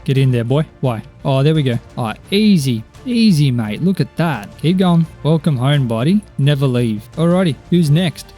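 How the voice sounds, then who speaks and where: Speaking at medium pitch, a young Minecraft YouTuber gives excitable gameplay commentary as a video game streamer. He exclaims often and talks directly to the in-game characters.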